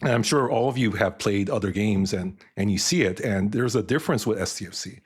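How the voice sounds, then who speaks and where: A middle-aged man hosting a live stream in casual chat, emotional and halting, often repeating words. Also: lowish voice, slightly rough. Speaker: stream host.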